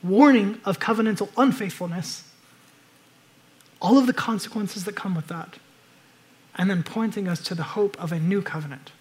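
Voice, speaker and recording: A man preaching a sermon, moving between loud urgent exhortation and hushed, reflective passages. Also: high voice, a little fast. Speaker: pastor.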